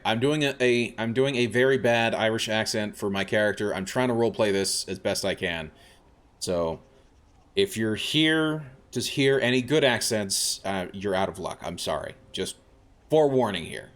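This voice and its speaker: A variety streamer with a lowish, slightly bright voice at normal speed chats casually while playing a video game. His gameplay commentary rambles, full of fillers, and he laughs at himself.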